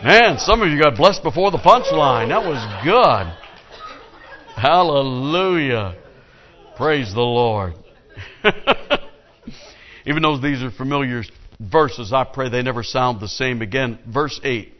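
A male pastor preaching a sermon with lively storytelling, calling on the congregation to answer. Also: medium pitch, slow, long pauses, muffled recording.

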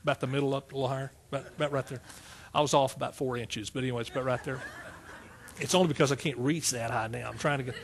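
A pastor preaching a sermon, telling his own story in a lively way and often breaking into exclamations of praise. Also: medium pitch, rapid-fire, a little hiss or hum.

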